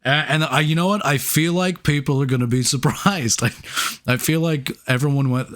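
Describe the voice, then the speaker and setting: A man's voice: fairly high pitch, moderate pace, a bit bright. A blunt, laid-back young man reviewing films. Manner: laid-back, swears a lot, blunt opinions. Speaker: podcast co-host, movie reviewer. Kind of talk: casual chat.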